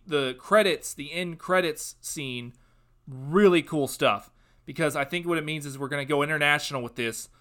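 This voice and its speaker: Young man, podcast host, bright forceful voice, sarcastic, ranting, casual review. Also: fairly high pitch, clear, resonant tone. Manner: ranting, sarcastic, gets loud and worked up.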